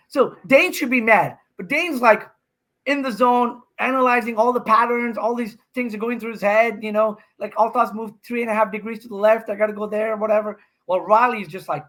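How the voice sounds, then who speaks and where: Excitable man telling a match story. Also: high-pitched. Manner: excitable, fast-talking, acts out quotes. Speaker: pro pickleball player, podcast guest. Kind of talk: animated storytelling on a podcast.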